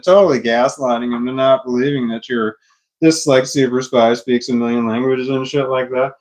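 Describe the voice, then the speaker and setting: A man talks in a loose, rambling vlog monologue. He swears freely and leans on fillers like "you know" and "like", restarting his sentences often. His voice sits at an ordinary middle pitch. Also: fairly even intonation, fairly quick, a little mellow. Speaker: vlogger.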